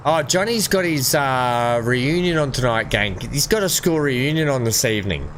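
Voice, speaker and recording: A man's voice: mid-range voice, expressive, normal speed, fairly bright tone, slight background noise. A middle-aged man giving casual, rambling commentary while playing a farming game, chatting with viewers and laughing at his own jokes. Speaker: gameplay streamer.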